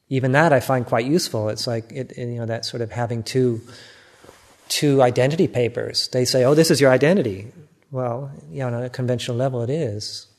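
This is a Buddhist monk from the United States, an older man with an American accent. His voice sits in the mid range as he offers a thoughtful dharma talk, poking gentle fun at himself.

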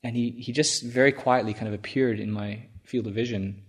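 A man who is a Buddhist monk, telling a story in a halting, chuckling way with many restarts. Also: mid-range voice, steady tone. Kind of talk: storytelling talk.

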